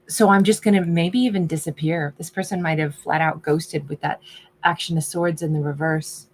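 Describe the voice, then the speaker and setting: A woman's voice: deep voice, fairly even intonation, moderate pace. A woman giving a casual tarot reading, musing aloud in a chatty way and often voicing the subject's thoughts. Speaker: tarot reader.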